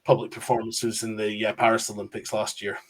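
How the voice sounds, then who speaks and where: A man's voice: lowish voice, level tone, quick pace, slightly rough. A man, a Eurovision buff explaining details in casual chat with frequent "um"s. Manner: chatty, explains facts with fillers. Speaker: Eurovision expert guest.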